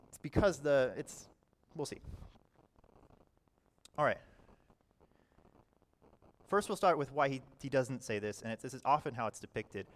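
A pastor preaches a sermon conversationally, frequently saying "all right" and shifting between quiet and loud passages. His voice is a little high.

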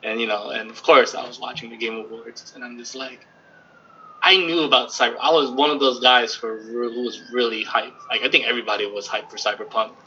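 A man joining a gaming podcast as a guest, talking casually and excitably, with laughs and stumbling repeats. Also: medium pitch, brisk, slight background noise. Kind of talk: casual chat. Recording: dull lo-fi audio.

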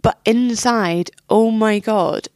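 A woman's voice: on the high side, takes it slowly, darkish tone, no echo, clean studio sound. A young woman telling a painful personal story as an interview guest, candid and swearing, acting out what others said.

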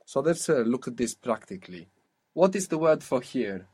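A man's voice: mid-range voice, sing-song, normal speed, a little mellow, slightly rough. A man teaching an Arabic lesson, patiently quizzing a student and modelling how words are pronounced. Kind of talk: spoken language lesson.

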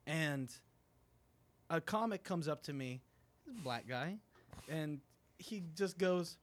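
A man's voice: a little high, takes it slowly. A man, a comedian co-hosting a podcast, telling a story in casual chat. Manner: storytelling, animated.

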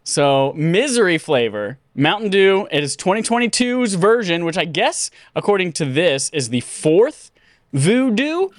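A man's voice: high voice, sing-song, moderate pace, few pauses, no echo. A man hosting a casual gaming podcast, goofy and jokey, slipping into silly voices. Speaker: podcast host.

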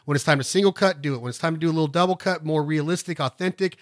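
A man's voice: a little high, racing. A middle-aged man, hosting a casual instructional talk in a folksy, rambling way. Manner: folksy and rambling, breaks into loud duck calls. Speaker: podcast host and duck calling instructor.

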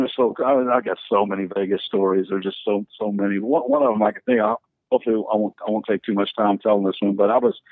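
Man, pastor, gravelly low voice, lively swinging pitch, rambling storyteller, tinny phone-line sound. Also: no echo. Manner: rambling, many fillers and restarts, lively storyteller. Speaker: pastor and church planter. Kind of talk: animated storytelling in a podcast interview.

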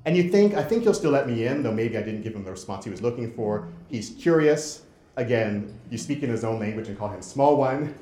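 Male lecturer, low voice, halting with lots of restarts, roomy echoey sound. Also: animated, mellow. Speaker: presenter. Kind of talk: lecture with interactive game demo.

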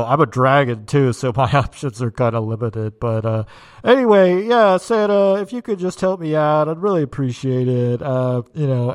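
Man voicing a shy, broke dragon on voicemail; halting, rambly, plain mid voice. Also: mid-range voice, darkish tone, natural voice. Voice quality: hesitant, rambling, full of fillers. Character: rambling lovelorn male dragon, broke and meek. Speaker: caller leaving a voicemail. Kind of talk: comedic voicemail bit.

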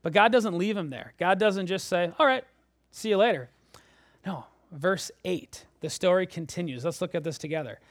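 A man preaching a sermon, animated, moving between loud emphasis and hushed low lines. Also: moderate pace, no room sound. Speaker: pastor.

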